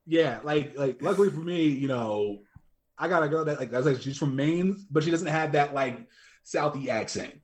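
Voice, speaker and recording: Easygoing male guest, talkative and relaxed, a bit higher voice. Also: moderate pace. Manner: chatty, easygoing, rambling. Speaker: podcast guest. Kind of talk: casual podcast chat.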